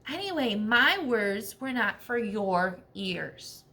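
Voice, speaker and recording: A woman voicing a bossy female alligator in a children's story, with a sharp, scolding way of talking. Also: medium pitch, very animated, slow, heavily acted.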